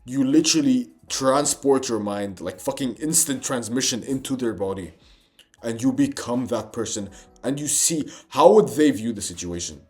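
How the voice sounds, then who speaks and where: A man's voice: mid-range voice, lively intonation, moderate pace, a little mellow, faint music behind. A young man giving a motivational self-improvement monologue, intense and emphatic, swearing and calling the listener bro.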